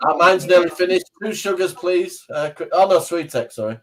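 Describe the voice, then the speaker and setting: A man's voice: sits high, a little fast, a crowd in the background, low-quality recording. A man, co-hosting a livestream in casual, jokey chat and laughing often. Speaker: livestream co-host.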